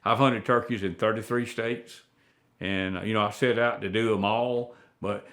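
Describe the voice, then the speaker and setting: A man's voice: lowish voice, steady tone, moderate pace, a bit bright. A man, a veteran hunter telling stories in a plainspoken, folksy way with rural phrasing. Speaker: guest, veteran turkey hunter. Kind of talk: folksy storytelling.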